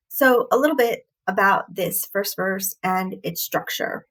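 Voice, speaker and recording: A woman reviewing a poem, explaining its meter in a halting, thoughtful way with frequent pauses and fillers. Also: mid-range voice, a bit bright, rough recording. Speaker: poetry reviewer. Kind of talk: explaining poetry analysis.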